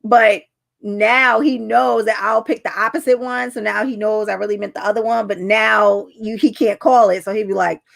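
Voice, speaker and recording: Gravelly-voiced woman telling a story. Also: mid-range voice, fairly even intonation, moderate pace, hardly any pauses. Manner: chatty storytelling, acts out quotes. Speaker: relationship coach. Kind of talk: casual talk to camera.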